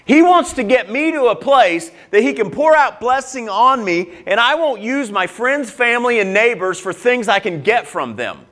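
Male pastor, sermon delivery, higher register, earnest and confessional. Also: lively intonation, moderate pace, hardly any pauses, pushed and bright. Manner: earnest, emphatic preaching with repeated phrases; personal and confessional, with frequent restarts.

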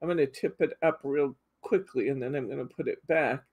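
A woman's voice: extremely low pitch, a little fast, a little mellow, breathy edge. A middle-aged woman hosting a live craft demo, chatting casually and reading out viewer comments. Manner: chatty, reads out viewer comments, frequent laughs. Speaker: craft show host.

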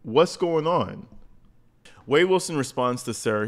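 Male commentator with a blunt, crude, mocking delivery, mid-pitched voice. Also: animated, a little slow, pauses often. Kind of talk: profane reaction commentary.

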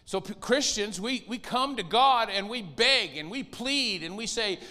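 A man preaching a sermon as pastor, animated and lively, sometimes mimicking whiny pleading voices. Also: sits high, unhurried, long reverb tail.

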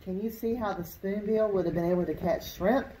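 A woman's voice: mid-range voice, fairly quick, mellow, slight background noise. A woman teacher reading a storybook aloud to children, expressively pointing out things in the pictures as she goes. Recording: roomy echo.

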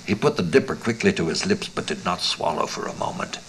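A man's voice: low voice, animated, brisk, fairly bright tone, slight background noise, poor audio. A man narrating a western short story for an audiobook, in a dramatic delivery that often drops to a whisper.

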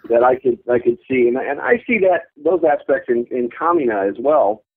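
A man in his thirties, a voice actor chatting in an interview, animated and laughing often as he slips into quick character voices. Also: mid-range voice. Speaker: voice actor guest. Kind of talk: casual interview chat. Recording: tinny phone-like archive audio.

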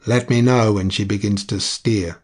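A man reading the part of a sea captain who speaks quietly and calmly. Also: on the low side, normal speed, close to an everyday voice. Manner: quiet and calm.

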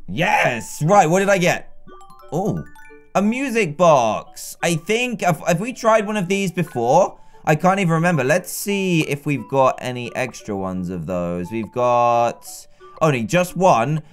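Excitable man narrating a game. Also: on the high side, a little slow, faint music behind. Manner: chatty and excitable, talks to the characters. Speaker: gaming YouTuber. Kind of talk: casual let's-play commentary.

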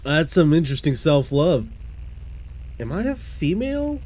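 A man's voice: fairly high pitch, big pitch swings, unhurried, a little mellow. Joking man playing a game aloud. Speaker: gaming channel host. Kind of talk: casual let's-play commentary.

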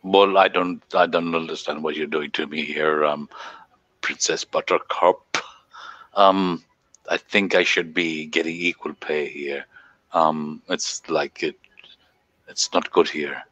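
A man voices a smooth, flirtatious romance scammer with a put-on Nigerian accent. The voice sits extremely low and slow, and the sound is close and dry with no room. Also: steady tone, a bit bright, no room sound, heavily acted. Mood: flirty. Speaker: co-host. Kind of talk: comedy live stream role-play.

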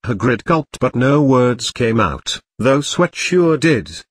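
A man's voice: medium pitch, big pitch swings, slow pace, hardly any pauses, husky, no echo. A man narrating a parody story in a wry reading voice.

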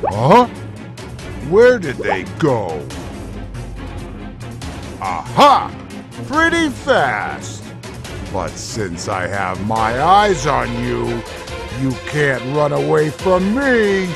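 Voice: medium pitch, wildly swooping pitch, drawn-out words, vocal fry, pauses often, music in the background, exaggerated voice. A performer voicing a hungry, bumbling carnivorous dinosaur villain in a cartoon, blustering and huffing between greedy boasts. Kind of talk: cartoon voice acting.

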